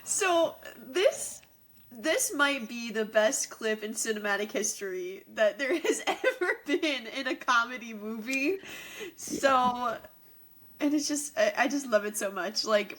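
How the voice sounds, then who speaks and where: A young woman co-hosting a podcast, chatting excitedly about a movie and laughing as she retells scenes. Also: a little high. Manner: excited, laughing, quotes film lines. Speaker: podcast co-host. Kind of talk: casual movie rewatch chat.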